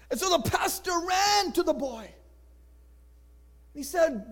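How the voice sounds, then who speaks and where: Male storyteller, very high voice, slow, dramatic, loud then hushed. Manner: expressive, swings between loud and hushed.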